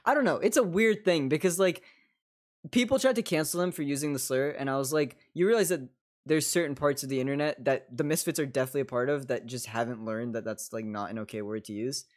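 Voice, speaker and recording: Young guy streaming a game, cursing nonstop and giggling, mid pitch. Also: fast talker. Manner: swears a lot, giggly, jumpy bursts of excitement. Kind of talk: casual gameplay chat.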